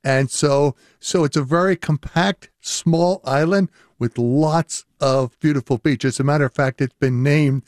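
A man's voice: fairly high pitch, measured pace, few pauses, dry recording, clean studio sound. An older man appears as a professor guest in a radio interview, speaking enthusiastically with small restarts.

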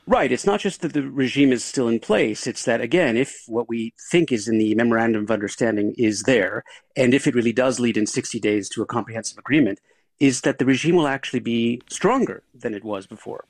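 A man's voice: mid-range voice, fairly quick, no echo. A man speaking as a political analyst in a news interview, thoughtful and hesitant. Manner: thoughtful, hesitant with fillers and restarts.

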